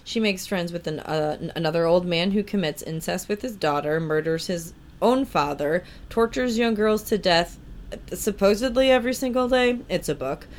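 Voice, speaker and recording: Young woman on a podcast, lowish voice, swears a lot, laughs while reading stuff out. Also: moderate pace. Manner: profane, laughing, reads questionnaire answers aloud. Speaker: podcast co-host. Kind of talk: casual chat.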